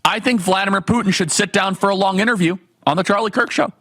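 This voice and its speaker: Male political talk host, emphatic, fairly high voice, dry close sound. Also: fast talker, husky, no room sound. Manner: emphatic, rhetorical questions, animated. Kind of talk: fiery political commentary monologue.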